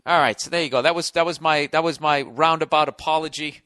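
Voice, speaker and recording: A man with a high, sharp voice rants on his podcast, heavy with sarcasm and swearing. The sound is close and dry, with no room around it. He mocks and grumbles his way through a comic monologue. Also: fairly even intonation, fast, no echo. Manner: sarcastic, profane ranting. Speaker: podcast host.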